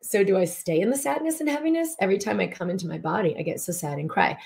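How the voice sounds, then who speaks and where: A woman's voice: mid-range voice, expressive, fast, vocal fry, a little mellow. A woman hosting a spiritual healing broadcast, talking in an earnest, flowing way and repeating words for emphasis.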